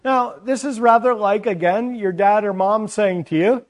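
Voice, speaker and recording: A man's voice: high voice, moderate pace, few pauses. A man preaching a sermon, teaching earnestly from scripture with chatty asides to the congregation.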